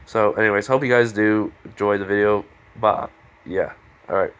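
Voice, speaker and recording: A man's voice: fairly low pitch, steady tone, moderate pace, fairly bright tone, smooth. Rambling stuffy-nosed young man. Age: late teens. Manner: rambling, many fillers. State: stuffy nose. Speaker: fan-fiction storyteller. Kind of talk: casual fan-fiction narration.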